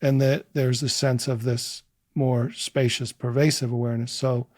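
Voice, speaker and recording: A man leads a meditation in a soft, unhurried way, his phrases searching and loose. His voice is warm and mellow. The sound is dry and close, with no room around it. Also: medium pitch, little pitch movement, no echo. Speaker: meditation teacher and psychotherapist. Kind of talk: guided meditation and explanation.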